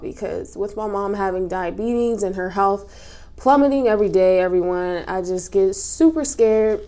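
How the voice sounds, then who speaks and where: Sniffling through tears, a woman talks emotionally and casually while recapping a reality show, filling her speech with fillers and restarts. She's a recap vlogger with a medium-pitched, slightly mellow voice.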